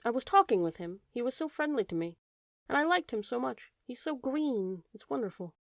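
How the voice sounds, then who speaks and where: A woman's voice: fairly high pitch, lively intonation, a little fast, vocal fry, no room sound, clean studio sound. A woman voicing a curious, eager young male fawn who asks polite, wondering questions.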